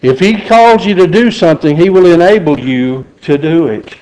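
A man's voice: fairly high pitch, moderate pace, darkish tone, poor audio. A middle-aged man preaching a sermon in a folksy, joking way. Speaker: pastor.

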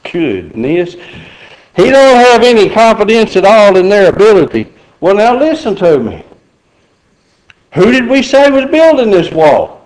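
Preacher guy, middle-aged, folksy and jokey, pretty high voice. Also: sing-song, measured pace, a little mellow, low-quality recording. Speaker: pastor. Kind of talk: sermon.

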